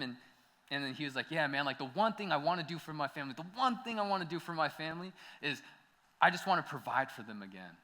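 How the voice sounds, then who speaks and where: With a mid-range, bright voice and forceful tone, a young adult man from the US preaches in a church hall whose reverb lingers. His personal story comes out casual and chatty, with many "like"s and bursts of laughter.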